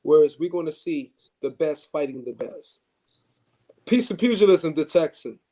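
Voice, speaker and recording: A man's voice: fairly high pitch, animated, moderate pace, warm tone. A man hosting a live stream, chatting loosely about boxing, with many fillers and restarts.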